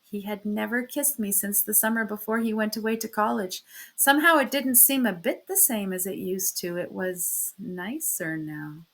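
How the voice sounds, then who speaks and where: A woman reading a classic story aloud in the first person, with expressive shifts in pitch and loudness. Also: normal speed. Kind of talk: storybook read-aloud narration.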